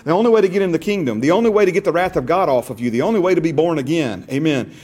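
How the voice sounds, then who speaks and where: A man's voice: on the high side, expressive, very fast, darkish tone. A man teaching a Bible class in a casual way, often repeating words and quizzing his listeners.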